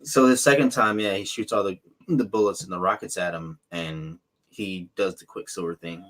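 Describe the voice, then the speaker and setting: A man co-hosting a podcast in casual chat, excited and profane, speaking in loose fragments. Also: deep voice, moderate pace. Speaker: podcast co-host.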